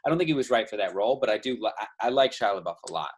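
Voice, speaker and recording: A man's voice: on the low side, lively intonation, racing, husky. A man chatting casually as a podcast co-host over a remote call, repeating words as he starts sentences. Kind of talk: casual chat.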